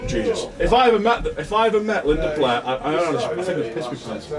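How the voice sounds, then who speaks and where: Animated sweary young man, far off. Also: a little high, fast talker, a crowd in the background. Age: 20s. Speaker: podcast co-host. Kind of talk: casual chat.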